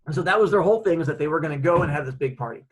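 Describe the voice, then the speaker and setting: A middle-aged man, a podcast host, telling a story in a chatty, animated way. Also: a little high, very fast, slightly rough, low-quality recording. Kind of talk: casual storytelling.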